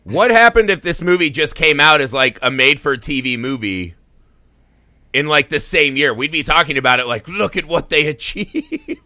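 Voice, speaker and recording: A man's voice: a little high, normal speed, no room sound, clean studio sound. A man co-hosting a film podcast, talking casually and with energy, swearing freely and laughing often. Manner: animated, profane, laughs often. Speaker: podcast co-host.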